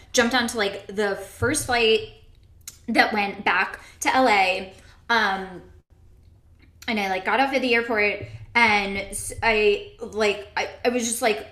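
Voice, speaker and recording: A woman's voice: medium pitch, a bit bright, reverberant. A woman improvising a rambling comedy monologue, full of "um" and "like". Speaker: improv performer.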